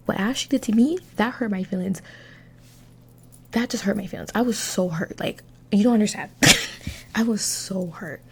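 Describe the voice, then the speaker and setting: A young woman telling a dramatic storytime in a casual, animated way, swearing freely. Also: mid-range voice, vocal fry, a little hiss or hum. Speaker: vlogger.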